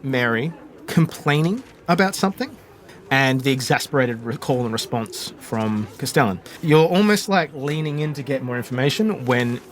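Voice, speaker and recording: A man's voice: medium pitch, lively intonation, moderate pace. A man narrating a tabletop role-playing game as the game master, describing scenes with many fillers and restarts.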